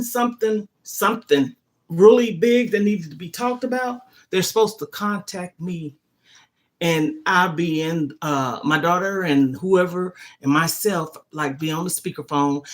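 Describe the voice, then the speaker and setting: A middle-aged woman hosting a casual livestream, talking emphatically and often checking in with "okay?". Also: fairly low pitch. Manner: emphatic, keeps asking "okay?". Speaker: livestream host.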